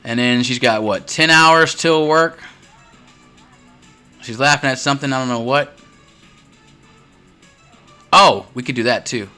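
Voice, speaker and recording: Bright-voiced male gamer rambling on stream. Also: medium pitch. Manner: chatty, rambling, laughs often, answers chat. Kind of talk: casual gameplay commentary.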